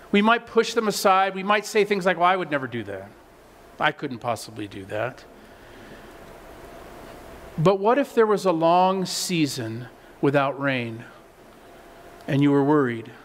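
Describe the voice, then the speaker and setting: A man's voice: high-pitched, in a large hall, a little hiss or hum. A man preaching a sermon as a pastor in a conversational way, often repeating words as he stresses a point.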